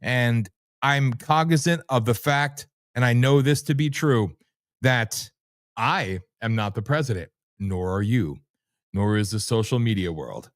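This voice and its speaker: A man hosting a livestream, delivering loud, brash, sarcastic commentary laced with profanity. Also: medium pitch, unhurried, dry recording, clean studio sound. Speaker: livestream host. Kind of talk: ranting commentary.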